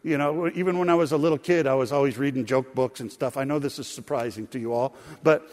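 A man's voice: mid-range voice, steady tone, quick pace, a little mellow. A middle-aged man preaching a sermon, telling family stories in a folksy way and calling his listeners friends. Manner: folksy storytelling, addresses congregation as friends. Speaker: pastor. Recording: long hall reverb.

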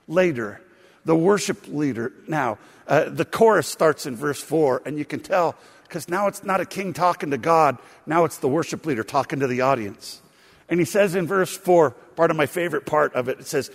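A man preaching a sermon as pastor, reading scripture expressively with frequent fillers. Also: a little high. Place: church sanctuary. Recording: long reverb of a large hall.

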